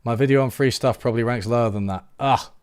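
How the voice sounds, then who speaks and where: Amused and sarcastic, this young YouTube host chats with his live-stream viewers, often laughing and breaking off to restart. He talks fast in a middle-pitched, slightly mellow, clean voice, recorded close and dry with no room sound.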